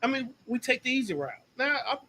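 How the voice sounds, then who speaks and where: A man's voice: very high-pitched, sing-song, quick pace, pushed and bright, soft background music, rough recording. A man co-hosting a casual talk show, easygoing and agreeable, who often restarts his sentences. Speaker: podcast co-host. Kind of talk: casual chat.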